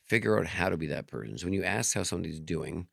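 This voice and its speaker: Fast-talking gravelly-voiced man. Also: deep voice, no echo, studio quality. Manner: animated storyteller who acts out quoted dialogue; candid, swears freely. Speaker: podcast guest, magician and comedian. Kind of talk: casual interview talk.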